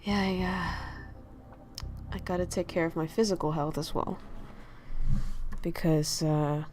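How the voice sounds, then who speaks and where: A woman VTuber streamer with a soft, soothing voice who chats casually and reflectively, reading viewers' messages aloud and joking with them. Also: low-pitched, steady tone, slight background noise. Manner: slow, reflective, reads chat aloud and jokes. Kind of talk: casual livestream chat. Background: faint lo-fi music.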